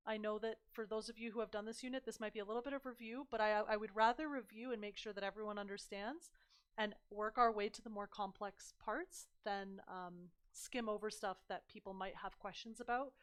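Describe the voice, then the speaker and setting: A young woman tutoring math on a livestream, chatty and encouraging, her voice slightly hoarse. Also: mid-range voice. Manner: chatty, encouraging, addresses viewers as "you guys".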